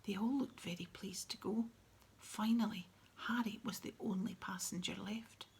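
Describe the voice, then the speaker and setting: Breathy woman whispering a story. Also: mid-range voice, moderate pace. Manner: soft, hushed, steady reading. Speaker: audiobook narrator.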